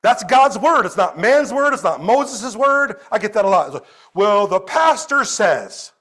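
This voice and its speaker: High-pitched guy preaching in church, gets loud then drops to quiet storytelling. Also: lively intonation, normal speed, slightly rough. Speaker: pastor. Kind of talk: sermon. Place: church service.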